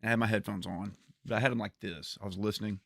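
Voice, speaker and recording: A man's voice: fairly low pitch, steady tone, fast, vocal fry, fairly bright tone, no room sound. A man streaming a game, chatting casually and telling funny stories he often laughs through. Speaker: gaming streamer. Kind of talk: casual storytelling while playing a game.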